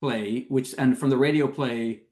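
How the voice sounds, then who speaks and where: A man's voice: mid-range voice, fairly even intonation, measured pace, a little mellow. Hesitant man sharing film trivia. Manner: hesitant, full of ums, shares film trivia. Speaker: podcast co-host. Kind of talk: casual film chat.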